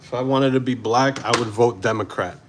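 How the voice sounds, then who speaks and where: A man's voice: medium pitch, fairly quick, background noise. A man in his forties from New York City, giving blunt casual livestream commentary and reacting to chat, sometimes slipping into Spanish phrases. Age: 40s. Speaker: livestream host.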